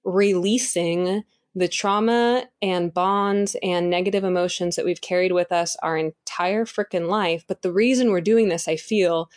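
A woman with a lowish voice co-hosts a casual spiritual chat, speaking a little slowly. She's animated and rambling, laughing often and asking listeners to bear with her.

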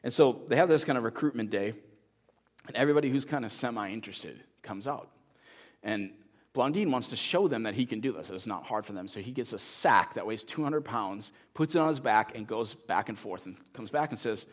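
A male pastor delivering a sermon from the pulpit. His voice sits in the middle of the male range. He tells a story with animated, playful emphasis and then shifts to a soft, earnest appeal. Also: mid-range voice, fairly quick.

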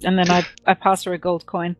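A woman's voice: on the low side, completely flat delivery, fairly quick, low-quality recording. A woman player in a tabletop game, chatting playfully and giggling often. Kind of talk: casual tabletop game chat.

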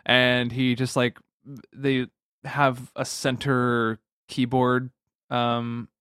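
A man with a smooth, resonant voice walks through a movie plot from his notes and often chuckles. His speech is easygoing, and the recording is dry and close. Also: mid-range voice, completely flat delivery, extremely slow, fairly bright tone, no echo. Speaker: podcast co-host. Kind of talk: casual movie recap chat.

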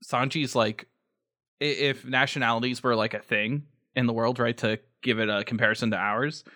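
A man's voice: mid-range voice, steady tone, normal speed, sharp tone. A man co-hosting a podcast, chatting casually and enthusiastically, swearing now and then. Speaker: podcast co-host. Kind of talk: casual chat.

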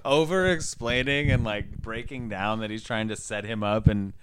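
A man's voice: fairly low pitch, normal speed, a bit bright, slight background noise. A man co-hosting a casual movie podcast, laid-back and swearing freely. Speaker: podcast co-host.

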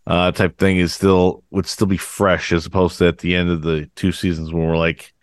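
Low voiced dude on a podcast, rambly, says like a ton, dry mic. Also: male voice, flat delivery, moderate pace, dry recording. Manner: rambling, heavy on filler words like "like". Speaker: podcast co-host. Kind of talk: casual chat.

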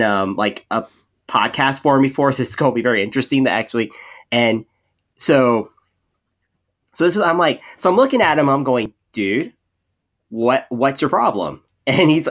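Male podcast co-host, everyday mid voice, animated rambling storyteller. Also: medium pitch. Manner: rambling, many restarts and repeated words; animated storyteller, acts out quoted people. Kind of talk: casual podcast chat.

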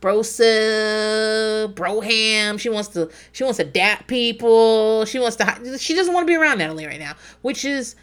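Her voice leans high and clean, a bit bright, and a little slow. She's in her forties, hosting a chatty podcast that recaps a reality show, rambling off course with profanity and self-directed laughter.

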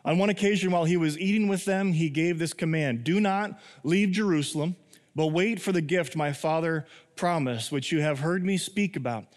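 A man's voice: a little high, normal speed. A young man preaching a sermon as pastor, telling the story with jokes and laughter and acting out the scenes in small voices. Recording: long hall reverb.

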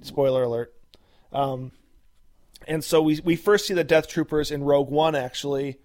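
A man's voice: fairly high pitch, normal speed, darkish tone. A man co-hosting a podcast, recapping a TV episode in casual chat with lots of fillers and restarts.

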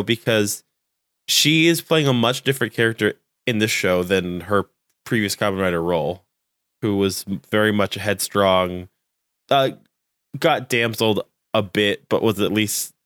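A young man in relaxed conversation, a somewhat low voice that wanders through filler words and bursts into quoted lines. The sound is dry, with no room echo. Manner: rambling, heavy filler words, animated quoting. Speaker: podcast co-host. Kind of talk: casual chat.

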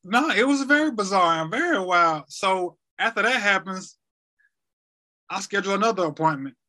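Man, 30s, podcast guest; high, very bright voice; halting, repetitive retelling. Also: lively intonation. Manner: halting, repeats words, retells quotes. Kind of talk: emotional personal story.

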